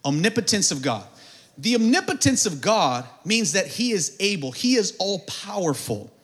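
High-voiced man preaching a sermon. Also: big pitch swings, moderate pace. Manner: call-and-response preaching, builds to shouted climaxes; acts out prayers in a mumbled comic voice. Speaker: pastor.

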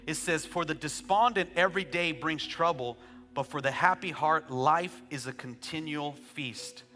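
High, bright-voiced preaching pastor. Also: male voice, moderate pace, in a large hall, faint music behind. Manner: preaching, rising to shouted praise; joking asides, conversational storytelling. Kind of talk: sermon.

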